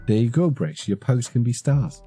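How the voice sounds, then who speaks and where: A man's voice: mid-range voice, expressive, normal speed, warm tone, soft background music. A man in his thirties, chatting casually and rambling on a live stream, swearing casually.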